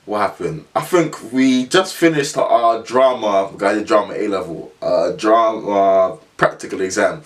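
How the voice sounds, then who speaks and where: A man's voice: lowish voice, measured pace, hardly any pauses. A young man, telling a funny story in a casual vlog, slangy and rambling, often laughing as he talks. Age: young adult. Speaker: vlogger.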